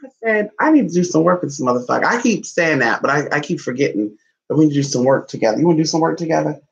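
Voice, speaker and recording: A man's voice: fairly high pitch, expressive, racing, gravelly. A man in casual vlog talk, playful and sassy, cooing baby talk at his dog between remarks to viewers. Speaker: vlogger. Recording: dull lo-fi sound.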